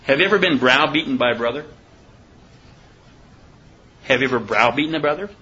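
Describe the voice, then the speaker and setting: A man's voice: medium pitch, lively intonation, bright, forceful tone, lo-fi sound. Conversational man preaching a Bible study. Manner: conversational, asks the listeners questions; reads scripture slowly and deliberately. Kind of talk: informal Bible study sermon.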